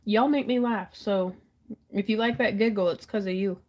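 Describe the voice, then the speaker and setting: A woman's voice: medium pitch, normal speed, darkish tone. A woman hosting a live jewelry auction stream in a casual, giggly, self-deprecating way.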